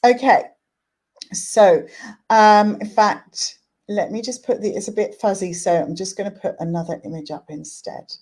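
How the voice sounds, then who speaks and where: A woman's voice: medium pitch, takes it slowly, warm tone. A woman tutor giving a chatty online lesson, often checking in with a questioning "right?", then reading a poem aloud. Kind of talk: casual teaching talk with a poetry reading.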